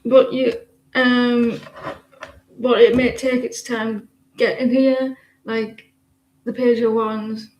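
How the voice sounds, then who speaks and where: A woman's voice: fairly high pitch, level tone, takes it slowly, pauses often, darkish tone, echoey room, slight background noise, rough recording. A woman giving casual, teasing tarot readings on a live stream, chatting to viewers and laughing often.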